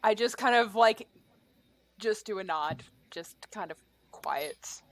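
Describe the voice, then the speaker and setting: A woman's voice: mid-range voice, lively intonation, slow, a bit bright. A woman player in a tabletop game, hesitantly describing her actions with many fillers. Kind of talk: tabletop role-play.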